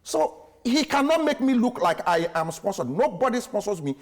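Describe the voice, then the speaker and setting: A man's voice: sits high, very animated, moderate pace. Insistent male panelist from Nigeria. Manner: insistent, interrupts and repeats himself. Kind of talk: heated studio debate.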